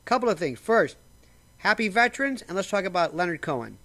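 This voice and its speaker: A vlogger speaks to camera in a casual, animated monologue, rambling, restarting sentences, and slurping coffee now and then. His bright, forceful voice sits a little higher than most men's, jumps up and down in pitch, and moves a little fast. The recording comes from a bare-bones home setup.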